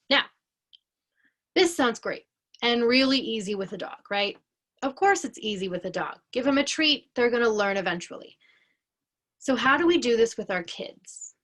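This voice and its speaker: A woman educator giving an explanatory lesson in a slow, deliberate, clearly paced way. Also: a little high, a bit bright.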